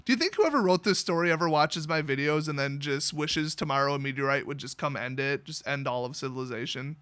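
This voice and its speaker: A man's voice: a little high, quick pace, hardly any pauses, fairly bright tone, clear, resonant tone. A man mockingly recapping a fantasy story, with crude, sarcastic jokes. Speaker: host.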